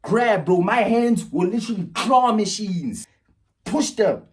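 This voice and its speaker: A young man recounts a story in a loose, casual vlog. He talks with animation, jumping from loud, excited bursts down to low, muttered asides. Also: moderate pace, vocal fry.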